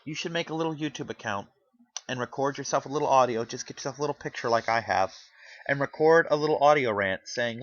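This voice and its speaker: A fast-talking YouTuber with a medium-pitched, fairly bright voice rants earnestly to camera, pleading with his audience and rambling with restarts from the heart. The home-microphone audio has no echo but sounds dull.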